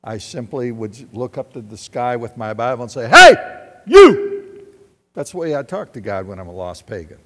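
A man preaching a sermon as pastor, swinging from loud exhortation to quiet personal storytelling. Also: medium pitch, a little fast, few pauses. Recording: long reverb with faint music.

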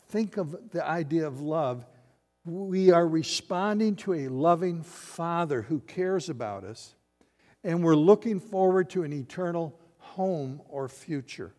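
An older man preaching a sermon as pastor, swinging from loud emphatic lines to quiet hushed ones. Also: a little high. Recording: long hall reverb.

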